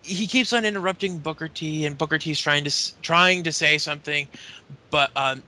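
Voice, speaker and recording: A man's voice: fairly high pitch, normal speed, sharp tone. A man co-hosting a podcast, recapping a show in casual chat with lots of fillers and restarts. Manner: rambling recap full of fillers. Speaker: podcast co-host.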